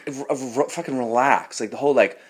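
A man's voice: medium pitch, fairly quick, husky. A male comedian on a podcast as a guest, ranting animatedly in casual chat and swearing a lot.

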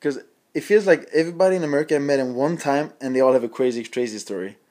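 A man's voice: mid-range voice, fast talker, a little mellow. A man from Sweden, a comedian guest, chatting casually and telling laughing anecdotes. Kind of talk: casual chat.

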